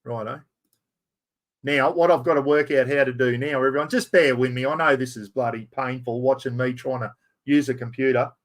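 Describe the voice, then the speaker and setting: A man's voice: medium pitch, fairly even intonation, a little fast. An Australian man hosting a live stream, chatting casually and joking at himself while fumbling with the computer. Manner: chatty, self-mocking, talks to viewers while fumbling with software. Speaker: livestream host.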